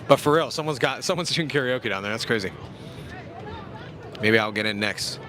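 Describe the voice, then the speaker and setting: A man's voice: medium pitch, animated, moderate pace, pushed and bright, a faint crowd, slight background noise. A young man casually calling a youth football game outdoors, jokey and slangy, poking fun at himself. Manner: laid-back, jokey, slangy, self-deprecating. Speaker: play-by-play commentator.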